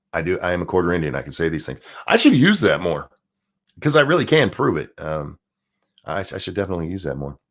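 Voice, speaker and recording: A man hosts his live stream in a loose, profane rant, mocking and joking as he goes. His voice sits low but swings wildly, leaping high for sarcastic asides and dropping back to a grumble. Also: slightly rough. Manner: profane, mocking rant with sudden pitch jumps. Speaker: streamer and show host. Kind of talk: ranting live-stream commentary.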